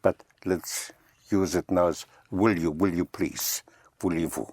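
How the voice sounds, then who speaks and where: A man's voice: sits low, steady tone, measured pace, a little mellow, slightly rough, no room sound. A man teaching French vocabulary, patiently repeating each word and spelling it out letter by letter. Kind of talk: language lesson.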